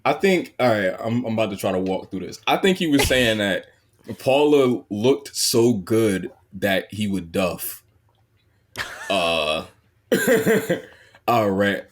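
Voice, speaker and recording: A man on a casual podcast who swears freely, laughs often and drops to a low mutter at times. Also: expressive, slow, a little hiss or hum. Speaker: podcast guest.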